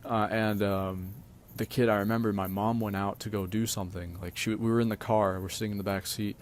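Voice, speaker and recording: Brief: young male streamer, low-pitched, halting casual storytelling full of fillers. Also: little pitch movement, slight background noise. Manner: halting, with many fillers and restarts.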